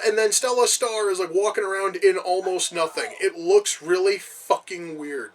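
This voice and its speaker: A man's voice: high voice, fairly even intonation, moderate pace, hardly any pauses, low-quality recording. A man giving casual reaction commentary on a film, with profane, exasperated rants. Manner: profane, exasperated ranting asides. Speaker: movie reviewer.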